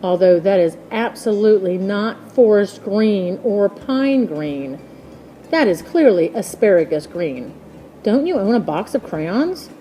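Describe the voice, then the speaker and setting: A woman doing a calm know-it-all chick. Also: medium pitch, measured pace, a little hiss or hum, close to an everyday voice. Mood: fussy. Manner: matter-of-fact, calmly instructing.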